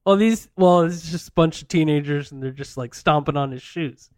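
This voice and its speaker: A man's voice: on the high side, normal speed, dry recording, clean studio sound. A man appearing as a guest comedian, explaining his bits in a laid-back, rambling way.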